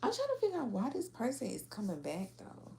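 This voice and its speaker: A woman's voice: a little high, wildly swooping pitch, a little fast, vocal fry, darkish tone, slight background noise. A woman giving a casual tarot reading to a general audience, blunt and profane, acting out how other people react. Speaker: tarot reader.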